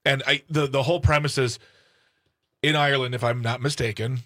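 Radio co-host guy, middle pitch, jokey and rambly, dry mic. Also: fairly even intonation, fairly quick, sharp tone, dry recording. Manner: joking, rambling, trails off mid-sentence. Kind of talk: casual call-in radio chat.

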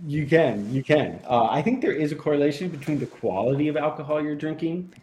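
A man's voice: fairly high pitch, animated, fairly quick, a little mellow, a little hiss or hum. A man appearing as a guest on a radio show, chatty and often laughing as he talks through news stories. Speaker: guest editor. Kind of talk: casual radio chat.

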